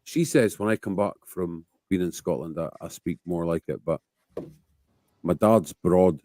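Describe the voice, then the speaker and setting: A man's voice: low voice, measured pace, warm tone. A man hosting a casual late-night live chat, chatty and swearing freely. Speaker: host.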